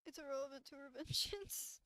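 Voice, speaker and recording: A young woman chatting casually on a livestream as the channel's streamer, rambling in a relaxed way with many restarts. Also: sits high, moderate pace, no room sound.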